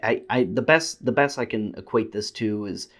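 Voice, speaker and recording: A man's voice: fairly low pitch, normal speed. A man reviewing a collectible figure in a casual, stammering way, often repeating words as he rants and then apologizes. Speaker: toy reviewer.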